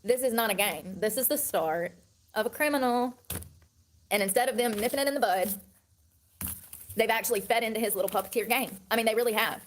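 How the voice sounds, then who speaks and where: Fast, heated ranting woman in her thirties. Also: on the high side, slight background noise. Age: 30s. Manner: heated, profane, repetitive ranting. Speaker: online personality. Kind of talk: ranting monologue to camera.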